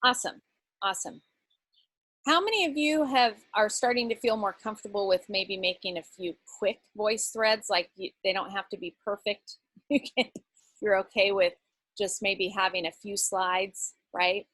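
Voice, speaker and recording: A woman's voice: medium pitch, normal speed, fairly bright tone, no room sound. Chatty woman running an online workshop, encouraging, rambly, dry sound, mid voice. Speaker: workshop facilitator. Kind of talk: casual online workshop talk.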